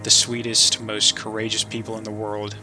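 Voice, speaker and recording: A man voicing a frail, bitter old soldier in his sixties, delivering a grim, haunted monologue in a flat voice. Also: fairly low pitch, normal speed, over music, natural voice, rough recording. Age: 60s.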